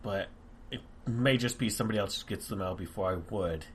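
A man co-hosting a podcast, telling stories in a relaxed, dry way with short laughs. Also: lowish voice, fairly quick, a little hiss or hum. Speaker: podcast co-host. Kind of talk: casual chat.

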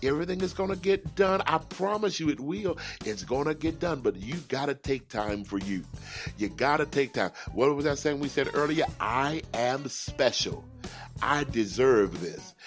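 A middle-aged man hosting a motivational talk show as a life coach, preachy and animated, acting out little voices. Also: a little high, normal speed, faint music behind.

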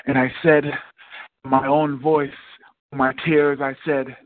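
A man's voice: medium pitch, level tone, slow, pauses often, dry recording. A man performing an impassioned spoken word poem after some hesitant small talk. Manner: hesitant, soft-spoken chat before reading; dramatic, rising, impassioned recitation. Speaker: guest poet. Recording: tinny phone line.

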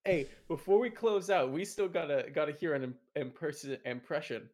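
Playful young man, lively high voice. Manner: playful, teasing, quick to laugh. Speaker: podcast co-host. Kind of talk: casual chat.

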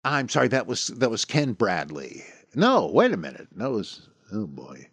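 Low-voiced man musing aloud, dry recording. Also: wildly swooping pitch, fairly bright tone, husky, dry recording. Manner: halting, thinking aloud with many fillers. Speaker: podcast host answering listener questions. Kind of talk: casual talk, reading scripture and listener mail.

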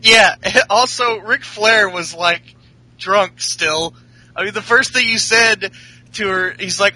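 A man's voice: sits high, slow, pushed and bright, dry recording, poor audio. A man co-hosting a casual chat, talking with amused, laughing asides. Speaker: podcast co-host.

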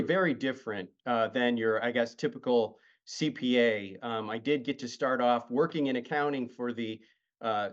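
A man being interviewed as an accountant guest, giving measured answers. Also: mid-range voice, highs cut off.

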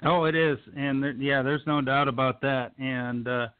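A man hosting an online radio poetry show, introducing guests and shout-outs with upbeat enthusiasm. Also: mid-range voice, steady tone, moderate pace, clean tone. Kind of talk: casual call-in radio chat. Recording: tinny phone line.

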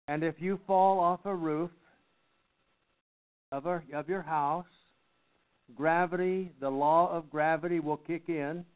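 An older man teaching a Bible study lesson, speaking haltingly and often clearing his throat. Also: on the high side, fairly even intonation. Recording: tinny phone-like sound.

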